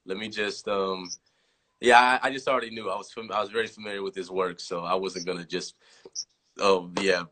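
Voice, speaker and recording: On a livestream, a rapper in his thirties from California chats casually, rambling, restarting and acting out quoted lines. His voice is low-pitched and sharp, steady in tone but quick.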